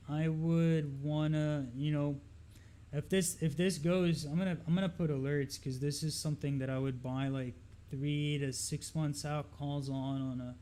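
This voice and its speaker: A young man from Lebanon talks loosely over trading charts on a live stream, pitched a touch above most men. He drifts and repeats himself, filling pauses with ums and asides. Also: mellow. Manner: loose, rambling, lots of fillers and repeats. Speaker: market analysis streamer.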